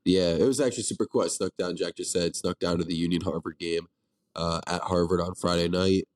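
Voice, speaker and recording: A man's voice: deep voice, steady tone, brisk, no echo, clean studio sound. A young man in his twenties co-hosting a podcast in casual chat, his voice nasal and congested from a flu. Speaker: podcast co-host.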